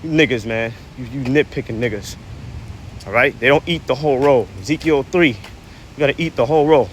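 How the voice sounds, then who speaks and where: A man preaching scripture outdoors in a mid-pitched voice, short of breath and blunt. He reads a verse, then breaks it down in profane slang. Faint traffic hums behind him. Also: a little fast. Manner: keeps tagging lines with "man" and "right?". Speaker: religious commentator. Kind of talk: preachy street-corner scripture commentary.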